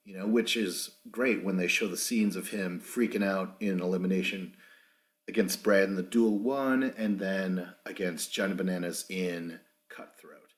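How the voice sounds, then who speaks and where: A man's voice: low-pitched, steady tone, unhurried. A man hosting a casual podcast recap without a proper microphone, rambling, swearing freely and acting out what others said. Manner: rambling, profane, acts out quotes. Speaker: podcast host.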